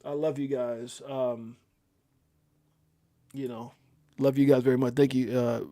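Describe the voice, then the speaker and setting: A man in mourning hosts a casual livestream, speaking at a middling pitch. He talks haltingly, with many fillers and restarts, and reads viewer comments aloud between his own thoughts. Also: little pitch movement, mellow. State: grieving. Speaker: livestream host.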